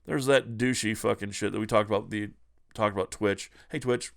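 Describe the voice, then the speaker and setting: Gravelly, profane retro gaming ranter. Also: male voice, on the low side, normal speed, a bit bright, slight background noise. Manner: profane, sarcastic ranting. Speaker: retro gaming channel host. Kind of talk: ranting gaming news vlog.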